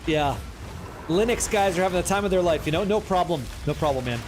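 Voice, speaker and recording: A man's voice: high voice, expressive, a little fast, slight background noise. A man streaming a game, chatting casually with his viewers, joking and swearing freely as he reads the chat. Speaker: livestream gamer.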